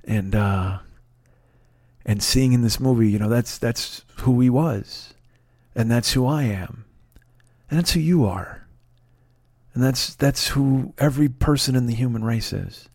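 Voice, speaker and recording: A man tells a casual story on his podcast. His voice sits at a middle pitch and sounds dry and close to the mic. He rambles, swears freely, restarts his sentences and mocks himself as he goes. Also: measured pace, long pauses, darkish tone, no room sound. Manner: profane, rambling, self-mocking, many restarts. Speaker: podcast host.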